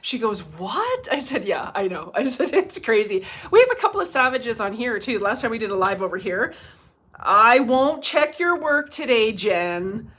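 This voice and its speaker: A woman's voice: on the high side, big pitch swings, normal speed, a bit bright, husky. A middle-aged woman hosting a casual livestream as a medium, chatty and laughing often as she greets viewers by name, speaking into her phone.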